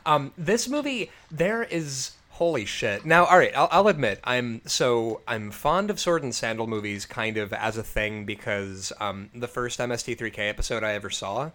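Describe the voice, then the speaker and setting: A man's voice: medium pitch, expressive, moderate pace, few pauses, fairly bright tone. A man in his thirties in casual movie review chat, jokey and swearing, acting out scenes as he talks. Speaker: podcast co-host.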